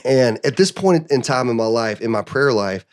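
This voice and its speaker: A man in his own words, telling a long personal story on a podcast. He is earnest and animated, with frequent restarts, and he shifts into other people's voices to act out what they said. His voice sits at an ordinary pitch for a man. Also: moderate pace. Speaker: interview guest.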